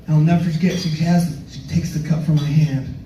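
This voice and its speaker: Young male stand-up, playful and self-mocking, high-pitched, echoey live-room mic with faint club ambience. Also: fairly even intonation, fast, warm tone, slight background noise. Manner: playful, self-mocking, slips into goofy voices. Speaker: stand-up comedian. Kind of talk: stand-up comedy set. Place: comedy club stage. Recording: roomy club sound from a distance.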